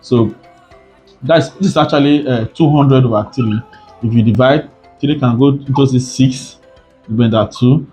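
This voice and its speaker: A man's voice: mid-range voice, normal speed, dark tone, soft background music. Man tutoring, repeating key points. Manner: repetitive, rhetorical "what?" questions. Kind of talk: exam prep lesson.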